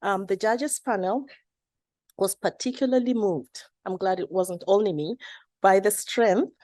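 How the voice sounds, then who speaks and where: A woman's voice: medium pitch, a little slow, darkish tone, no room sound, studio quality. A woman judge announcing an award winner, with informal asides.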